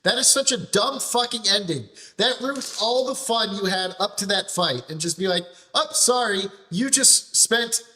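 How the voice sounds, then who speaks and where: A man's voice: high voice, normal speed, hardly any pauses, pushed and bright. A man streaming a game, ranting in frustration and swearing heavily, often restarting his phrases as he vents. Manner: repeats and restarts phrases while venting. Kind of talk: live gameplay commentary.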